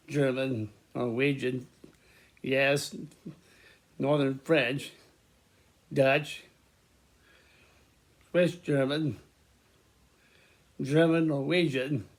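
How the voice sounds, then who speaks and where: Give me a man with a gravelly voice in a rambling vlog monologue, repeating himself and restarting. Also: medium pitch, fairly even intonation, very slow, long pauses. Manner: rambling, repeats words and restarts, bursts of loud laughter. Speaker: vlogger.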